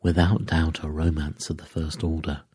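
A man's voice: extremely low pitch, flat delivery, moderate pace, a little mellow, husky, no echo, clean studio sound. A man voicing a fussy, courteous little male detective who drops French phrases and speaks dryly. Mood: mocking.

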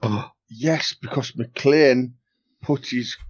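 A man's voice: mid-range voice, very slow, breathy edge, dry recording, muffled recording. A man playing a tabletop game, musing aloud about what to do. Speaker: player. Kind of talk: casual chat at a game table.

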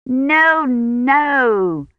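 A woman's voice: high-pitched, expressive, dry recording, pitched above the performer's own voice, heavily acted. A reader voicing an exacting female bell-ringing instructor who counts out the steps. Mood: instructing. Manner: commanding, counts out steps slowly. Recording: dull lo-fi sound.

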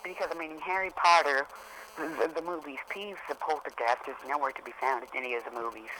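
A man's voice: on the high side, fairly even intonation, fast talker, bright, forceful tone, slight background noise, rough recording. A young man co-hosting a casual podcast chat, opinionated and fannish, arguing his points. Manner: opinionated, argues for book accuracy, fannish. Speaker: podcast co-host.

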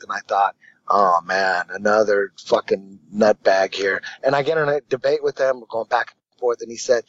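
A man's voice: medium pitch, expressive, normal speed, dry recording, lo-fi sound. A man, a martial arts instructor, telling a long story as a guest on a casual podcast, rambling and profane with lots of restarts.

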